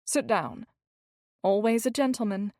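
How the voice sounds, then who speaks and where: A woman voicing a gentle, shy young male doctor in an audiobook, soft-spoken, hesitant and tender. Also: fairly high pitch, unhurried, no echo, clean studio sound, natural voice.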